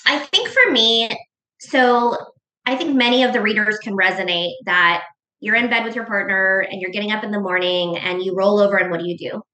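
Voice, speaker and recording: In an echoey room, a middle-aged woman appears as a guest author on a podcast, telling a personal story in a mid-range voice that's fairly quick, pushed and bright. She's earnest and emotional, often restarting her sentences.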